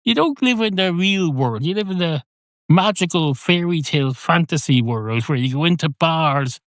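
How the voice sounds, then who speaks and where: A man's voice: medium pitch, moderate pace, dry recording, close to an everyday voice. A man playing a fussy, officious barman who talks in a long-winded, exasperated way, in comic storytelling.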